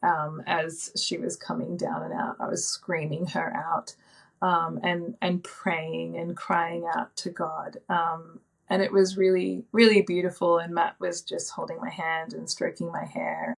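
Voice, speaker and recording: Aussie woman telling her story on a podcast, soft and thoughtful, lots of ums, bit of a gravelly fry. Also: fairly low pitch, little pitch movement, a little slow. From Australia. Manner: soft, reflective, with frequent ums and likes. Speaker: podcast guest. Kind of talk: personal storytelling in an interview.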